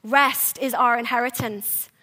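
A woman pastor giving a sermon, earnest and soft-spoken, breaking into animated, quick asides. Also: fairly high pitch.

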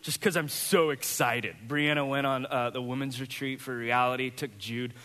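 A man in his thirties, a pastor, preaching a sermon and telling a personal story with lively, acted-out dialogue. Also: mid-range voice, moderate pace, long reverb tail. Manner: animated storyteller, acts out voices in quoted dialogue.

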